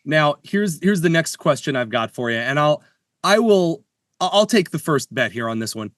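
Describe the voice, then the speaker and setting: A man's voice: fairly high pitch, animated, normal speed, a bit bright, no echo, clean studio sound. A man co-hosting a podcast in casual chat, playful and jokey, often restarting his sentences. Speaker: podcast co-host. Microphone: studio mic.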